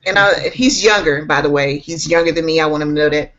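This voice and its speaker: This instructional technology specialist talks fast in a low, slightly bright voice, laughing frequently during a relaxed interview. She comes across as bubbly and eager, though the lo-fi recording sounds a little muffled.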